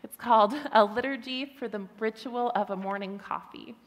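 A woman giving a gentle, earnest sermon, telling a story with touches of light humor. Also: fairly high pitch, fairly even intonation, normal speed. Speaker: preacher. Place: church hall. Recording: long hall reverb.

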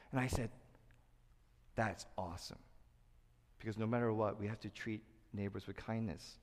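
A middle-aged man preaching a sermon as pastor, who acts out quotes in loud high bursts and sinks to a soft low voice for serious points. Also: fairly even intonation, normal speed. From Korea. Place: church sanctuary. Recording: long hall reverb.

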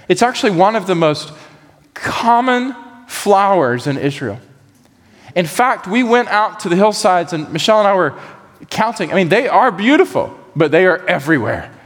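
A man preaching a sermon, animated and acting out the voices he quotes. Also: sits high, moderate pace, long reverb tail. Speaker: pastor.

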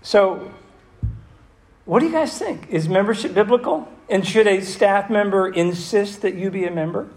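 Gravelly man teaching in an echoey room. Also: high voice, moderate pace. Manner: conversational, questioning the audience, repeats himself. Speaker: pastor teaching a church class. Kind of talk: interactive sermon. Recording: roomy echo with faint room noise.

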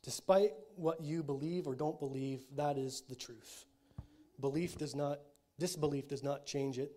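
A man preaching a sermon. He talks with his congregation, often checks in with them, and moves between quiet, low statements and loud, emphatic declarations. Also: steady tone, a little slow. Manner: conversational preaching with frequent check-ins to the congregation. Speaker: pastor.

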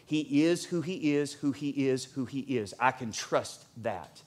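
A pastor in his forties preaching a sermon in a church, animated and at times nearly shouting. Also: mid-range voice, unhurried.

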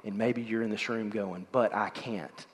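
A male pastor preaching a sermon to his congregation, animated and direct as he puts questions to the people in the room. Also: on the low side, moderate pace, husky. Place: church sanctuary. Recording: long reverb of a large hall.

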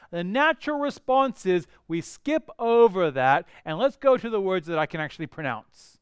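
A man delivering a sermon in a high, very animated voice that swings widely as he acts out his listeners' reactions. His tone is smooth and resonant, and the recording is dry and close. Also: normal speed, hardly any pauses, no room sound. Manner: lively and playful, acting out reactions. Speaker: pastor.

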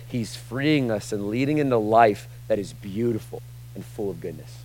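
A male pastor preaching a casual sermon in church, joking with the room and swinging from quiet asides to loud, emphatic lines. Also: lowish voice, expressive, normal speed, rough recording.

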